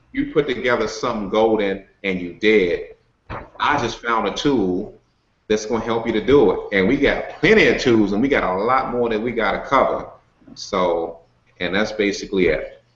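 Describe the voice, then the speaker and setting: A man's voice: fairly low pitch, normal speed, a little hiss or hum. Man, motivational coach, casual folksy talk, filler-heavy, echoey room, video-call sound. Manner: folksy and upbeat, many "you know" and "okay" fillers. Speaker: network marketing coach hosting a webinar. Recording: roomy, dull video-call audio.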